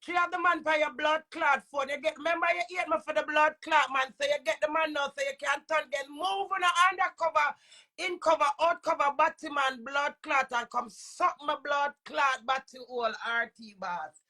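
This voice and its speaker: Heated Jamaican woman, high bright voice. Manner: profane, heated, rapid patois. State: congested, with a runny nose. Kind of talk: angry rant to camera.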